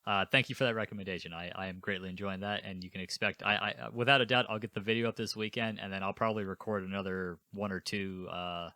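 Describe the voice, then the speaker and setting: A man's voice: on the low side, fairly even intonation, quick pace, hardly any pauses, pushed and bright, dry recording. A man co-hosting a casual gaming podcast, rambling and tripping over restarts as he talks. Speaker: podcast co-host. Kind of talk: casual chat.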